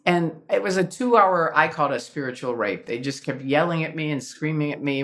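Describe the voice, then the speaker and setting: Animated woman telling her own story. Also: low voice, a little fast, hardly any pauses. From Chicago, USA. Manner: animated storytelling, acts out quoted voices. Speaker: interview guest. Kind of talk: personal testimony in a podcast interview.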